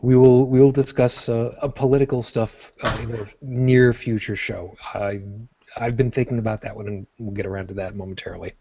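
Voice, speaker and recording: A rambling podcast host from Brooklyn talks in a New York accent, full of fillers and self-corrections. His voice is dark and mellow. The audio sounds dull and lo-fi. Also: mid-range voice, fairly even intonation, brisk, husky. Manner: rambling, jokey, with frequent fillers and restarts. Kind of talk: casual chat.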